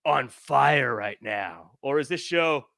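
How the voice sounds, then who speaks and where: A man's voice: mid-range voice, lively intonation, slow, creaky, bright, forceful tone, no room sound, clean studio sound. A man hosting a podcast in casual chat, joking and reading viewer comments aloud into a headset mic. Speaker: podcast host.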